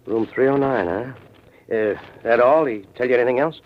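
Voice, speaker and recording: A man's voice: mid-range voice, moderate pace, a little hiss or hum, lightly acted. An actor narrating as a dry, wisecracking hard-boiled male detective in a 1940s radio drama. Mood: wry. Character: tough, wry male private eye. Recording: dull vintage radio with music bed.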